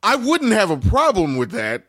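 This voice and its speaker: A man's voice: sits high, huge pitch swings, moderate pace, a bit bright. A man co-hosting a podcast casually, often stammering as he starts a thought. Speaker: podcast co-host. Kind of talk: casual chat.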